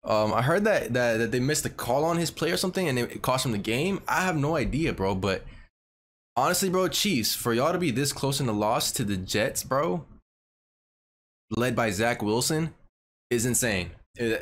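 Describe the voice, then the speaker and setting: Young male reaction host, mid-pitched, profane and slangy, rambles through football clips. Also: expressive, moderate pace, fairly bright tone, a little hiss or hum. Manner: slangy and profane, says bro constantly; rambling with frequent restarts. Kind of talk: casual sports highlight reaction commentary.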